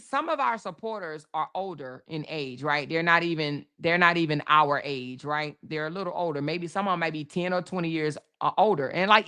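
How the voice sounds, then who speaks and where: A woman hosts a livestream and vents straight at her chat in a casual rant. She swears freely and calls out viewers by name. Her voice stays smooth and resonant under all the heat. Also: fairly low pitch, a bit bright. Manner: heated and profane, addressing viewers directly. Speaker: livestream host.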